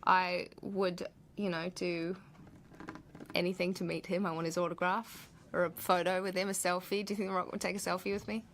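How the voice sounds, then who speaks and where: A woman's voice: on the low side, level tone, a little fast. A woman actress chatting casually on a livestream, reading out viewer questions and answering them in a playful, laughing way. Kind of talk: live Q&A reading viewer comments.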